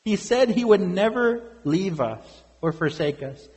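A man's voice: high-pitched, lively intonation, measured pace, a little mellow, big-room sound, rough recording. A man preaching a sermon as pastor, earnest and full of rhetorical questions to the congregation.

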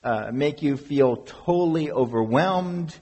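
A man's voice: fairly high pitch, slow pace, dark tone, husky. A man preaching a sermon as pastor, earnest and emphatic, asking his congregation questions. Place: church sanctuary. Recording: long reverb of a large hall.

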